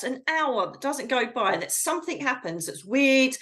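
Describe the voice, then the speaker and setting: A middle-aged British woman appears over a video call as a psychic medium guest in a casual interview chat. She talks bluntly and with animation, using frank slang, in a high, fairly bright voice at a moderate pace.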